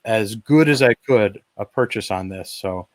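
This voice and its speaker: A man with a fairly low voice talks through his own demo video during a webinar. He explains eagerly and casually, with plenty of "uh" and restarts. The sound is dry and close, with no room echo. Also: measured pace. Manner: enthusiastic, explanatory, frequent fillers and restarts. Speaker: webinar presenter. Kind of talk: casual live demo commentary. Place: at home.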